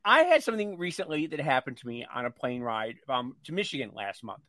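A man co-hosting a radio talk show, telling a lively personal story and acting out the voices of the people in it. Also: mid-range voice, a little fast, no room sound. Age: older. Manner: animated storyteller who acts out the voices in his anecdotes.

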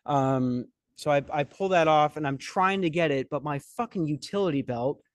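A young man's slightly high voice, at a normal pace and recorded dry, comes from a podcast host. He tells a comic story in a rambling, profane, self-mocking way, the kind of chat built around comedic storytelling.

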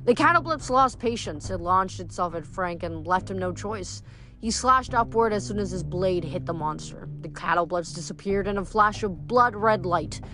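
A woman reading a novel aloud, telling the story in a steady way with dramatic emphasis. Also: mid-range voice, normal speed. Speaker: reader.

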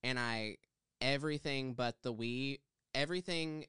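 A man's voice: medium pitch, measured pace, bright, forceful tone, clear, resonant tone, no room sound, clean studio sound. Chatty man telling a salon story. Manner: chatty, rambling with fillers. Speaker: podcast co-host, hairstylist. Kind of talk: casual chat, storytelling.

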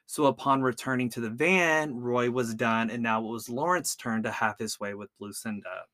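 A man's voice: medium pitch, normal speed, sharp tone, no echo. Chatty man telling a true-crime story. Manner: chatty, stumbles over words, lots of "like". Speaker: podcast host.

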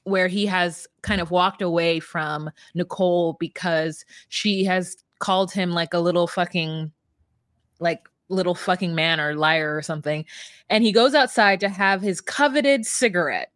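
A woman's voice: on the low side, unhurried, a bit bright, no room sound, studio quality. A woman co-hosting a casual podcast, playful and rambling, sometimes breaking into sing-song asides. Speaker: podcast co-host.

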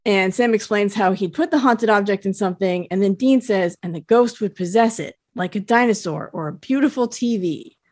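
A woman's voice: medium pitch, moderate pace, hardly any pauses, darkish tone, dry recording, studio quality. A woman co-hosting a podcast, recapping a TV episode in chatty, enthusiastic casual talk. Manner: chatty, enthusiastic, laughs easily. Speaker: podcast co-host.

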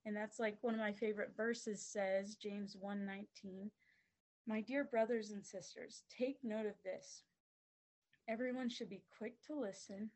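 A woman's voice: medium pitch, darkish tone, poor audio. A woman who coaches basketball, giving an earnest faith-based motivational talk and repeating phrases for rhythm. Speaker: basketball coach and guest speaker.

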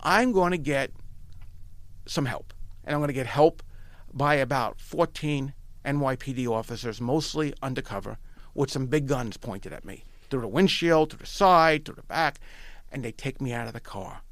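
Gravelly animated man from Long Island. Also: mid-range voice, moderate pace, no echo. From Long Island, New York. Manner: animated, repeats phrases, often restarts. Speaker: guest telling his story. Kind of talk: casual storytelling.

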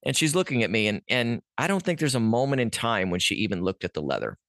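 A man guesting on a podcast earnestly tells a personal story, rambling with many restarts and fillers and growing animated at its peaks. His voice is mid-range and he talks fast, recorded with studio quality and no echo.

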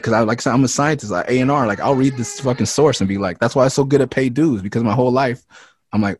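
A man who raps, from the Los Angeles area, talking frankly and with a lot of swearing in a casual interview, and getting louder when he is heated. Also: medium pitch, quick pace. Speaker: rapper and interview guest. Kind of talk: candid casual interview talk.

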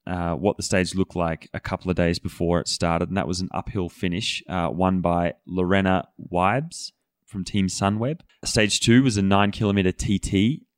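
A man co-hosting a podcast, running through race results in a measured, methodical way. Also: low voice, fairly even intonation, no room sound, studio quality. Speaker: podcast co-host. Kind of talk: podcast news rundown.

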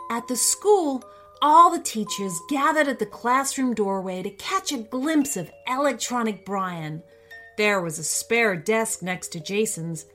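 A woman narrating a children's story in an expressive storytelling manner. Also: medium pitch.

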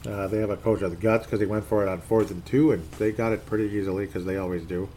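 A man's voice: on the low side, steady tone, fast, mellow, a little hiss or hum. Exasperated man rambling over sports. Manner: rambling and exasperated, reading posts aloud. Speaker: sports fan commentator. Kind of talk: casual solo sports rant.

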